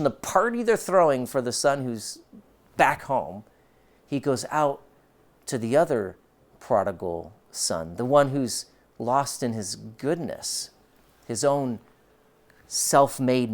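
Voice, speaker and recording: A male pastor preaching a sermon, emphatic and moving between quiet and forceful delivery. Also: medium pitch. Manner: emphatic, shifts between soft and loud.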